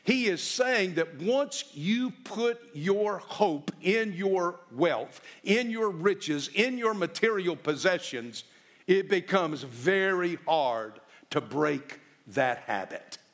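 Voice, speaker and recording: Folksy preacher with a slightly high voice. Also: male voice, lively intonation. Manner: folksy storytelling, shifting between slow emphatic and quick asides. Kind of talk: sermon.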